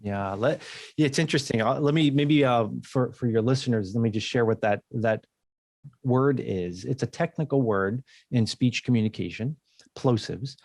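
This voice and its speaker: An American man talking as a guest on a business podcast, explaining speech communication in an easygoing, chatty way. His voice sits at a middle pitch and sounds dry and close to the mic. He often stops and restarts his phrases. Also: moderate pace, darkish tone, no echo. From United States. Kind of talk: casual interview conversation.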